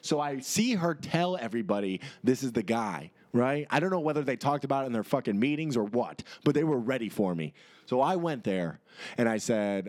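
A man in his twenties, a podcast co-host, telling a rambling story in casual chat, animated and swearing freely as he acts out the people in it. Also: mid-range voice, brisk.

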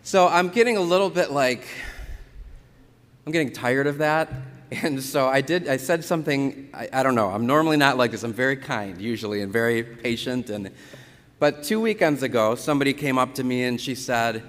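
A Catholic priest giving a conversational sermon, telling stories from the pulpit with lively retellings. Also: male voice, mid-range voice, moderate pace. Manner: conversational storytelling, animated retellings. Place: church. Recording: church reverb.

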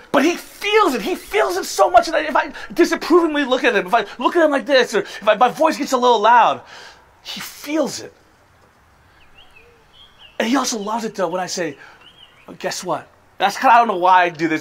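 A man's voice: sits high, fairly bright tone. A man in his thirties preaching a sermon as a pastor, earnest and building to impassioned appeals.

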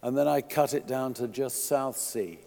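A man preaching a sermon in a church, emphatic, swinging from quiet asides to loud declarations. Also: mid-range voice, moderate pace, creaky, long reverb tail.

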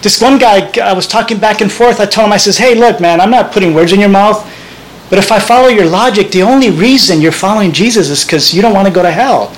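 A man's voice: sits high, fast, rough recording. A man preaching a sermon as pastor, earnest and conversational, often restarting his phrases.

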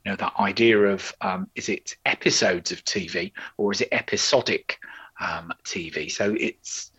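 This podcast co-host is a man with a low voice at a normal pace, fairly bright in tone with a breathy edge. His casual talk about old television rambles along with lots of fillers and restarts, and the highs in the audio are cut off.

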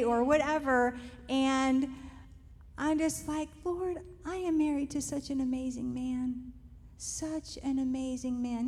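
A middle-aged woman telling a faith-based family story in an earnest, animated way, acting out the quotes. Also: on the high side, long reverb tail. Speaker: co-host sharing a family story.

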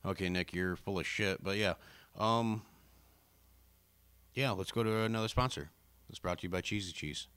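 Low, halting male podcast host. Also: clear, resonant tone, dry recording. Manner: flat, halting, full of fillers. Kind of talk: casual comedy podcast.

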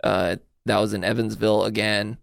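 A man's voice: on the low side, little pitch movement, vocal fry, dry recording. A man hosting a radio-industry podcast in a studio, brash and joking as he runs through his guest's career. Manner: brash, joking, quick to swear. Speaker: podcast host. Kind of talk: casual chat.

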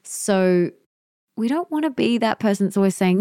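A woman's voice: medium pitch, animated, normal speed, mellow, no echo, studio quality. A young woman hosting a solo podcast, giving parenting tips in an earnest, emphatic way that repeats key points. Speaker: podcast host.

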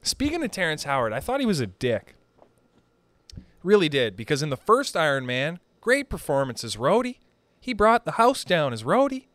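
A young man from Canada doing a rambling, profane stand-up monologue, pushing his pitch up and down for emphasis. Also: huge pitch swings, normal speed, a bit bright, dry recording. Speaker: stand-up comedian.

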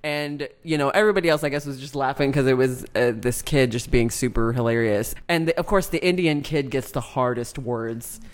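A man telling a story in casual chat as a podcast co-host, animated and laughing often. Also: mid-range voice, a little fast, hardly any pauses, smooth.

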